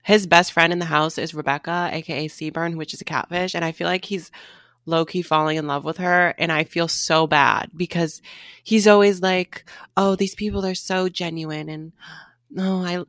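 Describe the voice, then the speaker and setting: A woman's voice: low voice, fairly bright tone, dry recording, clean studio sound. A young woman co-hosting a casual chat, emphatic and slangy in her opinions. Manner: chatty, emphatic, fond of slang. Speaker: podcast co-host. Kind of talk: casual chat reviewing a reality show.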